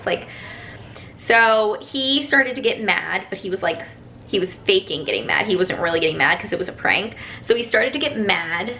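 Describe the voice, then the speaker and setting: A woman's voice: mid-range voice, normal speed, bright, forceful tone, a little hiss or hum. A woman telling a personal story to her viewers in a casual, rambling vlog, full of "like" fillers. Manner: chatty, rambling, lots of "like" fillers. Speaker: vlogger.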